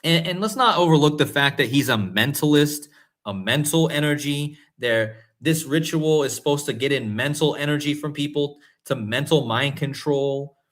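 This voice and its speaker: A man with a slightly high voice hosts a casual livestream. He talks with eager emphasis, going back over his points again and again for the viewers in the chat. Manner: excited, emphatic, repeats himself. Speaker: host. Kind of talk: livestream commentary.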